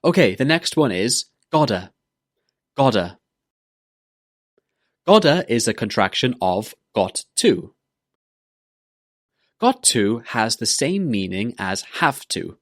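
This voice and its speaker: A man teaching English pronunciation in a scripted lesson, speaking slowly and deliberately and repeating words for learners to copy. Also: mid-range voice, sing-song, fairly bright tone, dry recording, clean studio sound.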